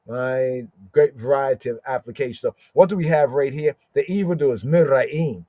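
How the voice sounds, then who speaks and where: A man teaching a scripture lesson for a podcast. He sounds out Hebrew words slowly and keeps checking in with "right?". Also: mid-range voice, warm tone, no room sound, muffled recording.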